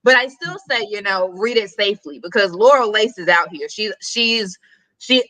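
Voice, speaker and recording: A woman chatting casually as co-host of a reading stream, opinionated and animated, breaking into quick exclamations. Her voice is bright and forward, and it sounds dry and close with little room around it. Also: mid-range voice, no echo, poor audio. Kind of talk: casual chat.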